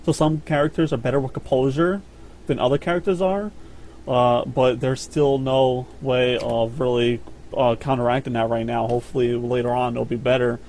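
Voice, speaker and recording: A man's voice: mid-range voice, fairly even intonation, moderate pace, darkish tone. A man talks through a gameplay breakdown in a loose, rambling podcast style. He swears freely and stumbles over his words, with a faint hiss behind his voice. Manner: rambling, profane, repeats words. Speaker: podcast host. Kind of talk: casual gaming chat.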